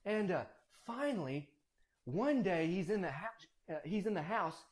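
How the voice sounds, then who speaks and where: A man casually telling Bible stories, animated and acting out voices. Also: high voice, a little slow. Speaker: storyteller.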